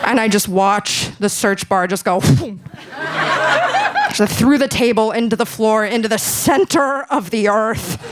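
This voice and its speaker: A young woman performing a stand-up set on a club stage, dry and deadpan with bursts of laughter. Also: on the high side, normal speed, few pauses, very noisy. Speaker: stand-up comedian.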